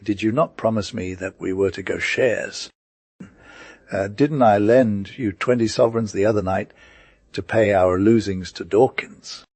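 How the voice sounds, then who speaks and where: A man's voice: lowish voice, measured pace, darkish tone, slightly rough, no echo. A man voicing a rude, greedy male gambler who demands his share. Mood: scheming. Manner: blustering, demanding.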